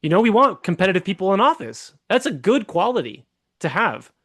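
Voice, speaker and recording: High-voiced male congressional candidate. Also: big pitch swings, brisk, fairly bright tone. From California. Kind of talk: podcast interview.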